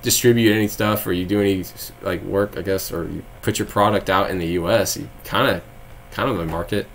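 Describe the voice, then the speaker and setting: A man's voice: low voice, steady tone, fairly quick, fairly bright tone, slight background noise. A young man from Texas, live-streaming and chatting casually with viewers, rambling with frequent laughs and sarcastic asides.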